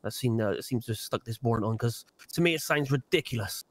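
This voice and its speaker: A man with a West Country English accent, playing a lawyer in a role-play game and chatting calmly with plenty of fillers. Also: mid-range voice, fairly quick, no echo. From South West England. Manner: calm, chatty, with many fillers and restarts. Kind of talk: in-character role-play banter.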